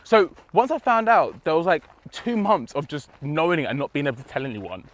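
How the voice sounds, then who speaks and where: A man with a fairly high voice talks briskly as a guest on a casual podcast, telling animated stories and acting out the voices of the people he quotes.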